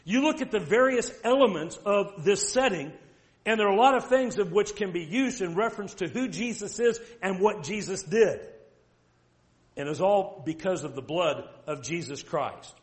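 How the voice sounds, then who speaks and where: A man preaching a sermon, emphatic and direct, asking the listeners rhetorical questions and reading scripture aloud slowly. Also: high voice, expressive.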